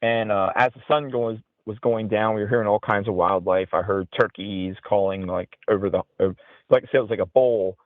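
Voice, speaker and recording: A man on the low side, steady in tone and brisk, rambles through a story peppered with "you know." He's the guest on an interview, an outdoorsman and paranormal investigator, heard dry over a thin, phone-quality line.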